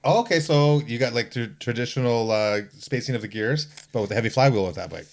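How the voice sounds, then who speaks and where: A man's voice: medium pitch, fast. A man hosting a casual podcast chat, joking and laughing as he rambles through asides. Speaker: podcast host.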